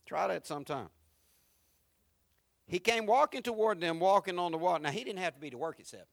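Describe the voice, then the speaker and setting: A man preaching a sermon, moving from quiet, reflective lines to loud, repeated build-ups. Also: sits high, expressive, brisk, creaky, no room sound, studio quality. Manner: swings from quiet to rising, repetitive preaching. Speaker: pastor.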